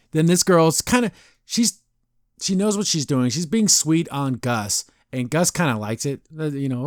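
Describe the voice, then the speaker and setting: Dude podcast host, kinda high voice, rambly recap w lots of ums, dry close sound. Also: male voice, darkish tone, no room sound. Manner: rambling, filler-heavy, often acts out characters' lines. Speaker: podcast host reviewing a cartoon episode. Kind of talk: casual recap chat.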